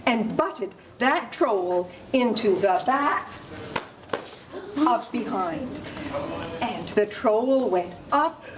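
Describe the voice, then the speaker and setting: A woman storyteller performing a folk tale for children, animated and inviting the audience to join in. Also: a little high, very slow, noisy background. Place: library storytelling event.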